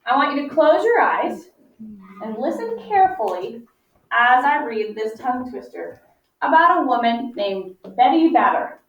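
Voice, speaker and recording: High-voiced woman teacher, echoey and distant. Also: big pitch swings. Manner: patient, encouraging, drawn-out sounding out. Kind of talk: phonics lesson for young children. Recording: echoey, distant, muffled classroom audio.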